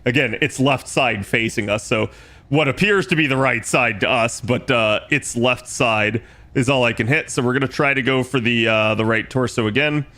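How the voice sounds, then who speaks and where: Bright-voiced man narrating his gameplay. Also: mid-range voice, moderate pace. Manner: relaxed, explains his moves aloud, swears casually. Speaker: streamer playing a strategy game. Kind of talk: casual gameplay commentary.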